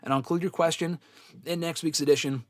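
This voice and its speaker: A man's voice: on the high side, fairly even intonation, fast, no echo, studio quality. A man hosting a live-stream wrestling question show in a loose, giggly, casual way, reading out viewers' chat comments. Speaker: wrestling show host answering fan questions.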